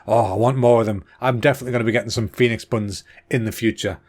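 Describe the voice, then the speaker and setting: This is a man, hosting a casual solo podcast. His voice sits at an ordinary pitch for a man. He talks in an excitable, rambling way, a little out of breath, with a throat that sounds slightly clogged. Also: fast. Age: 30s. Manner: chatty and excitable, with fillers and restarts. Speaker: podcast host.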